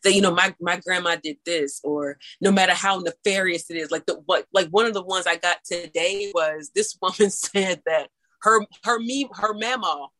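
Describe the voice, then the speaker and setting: A woman from St. Louis with a St. Louis accent, telling stories in casual chat, animated and laughing, with big leaps in pitch. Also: normal speed, low-quality recording. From St. Louis, USA. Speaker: storyteller guest.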